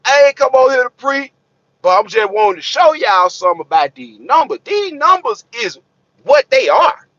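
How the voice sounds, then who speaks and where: A high, sharp-voiced man rants bluntly to camera about trucking money. He swears freely and preaches, circling back over his points again and again. The sound is dry and a bit dull, lo-fi. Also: big pitch swings, normal speed, no echo. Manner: profane, streetwise, preachy, repeats himself. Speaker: hotshot trucker vlogger. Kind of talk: blunt unscripted rant to camera. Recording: dull lo-fi recording.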